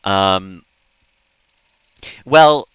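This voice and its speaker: A man's voice: low-pitched, expressive, extremely slow, a bit bright, smooth, no echo, muffled recording. A man streaming a game, chatting casually with viewers, reading out their messages and laughing often. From United States. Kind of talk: casual chat with viewers while gaming.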